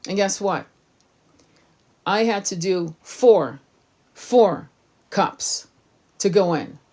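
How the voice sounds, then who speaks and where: A tarot reader delivers a casual, blunt monologue in a mid-range, slightly mellow voice at a slow pace. Her storytelling is emphatic, full of swearing and forceful asides.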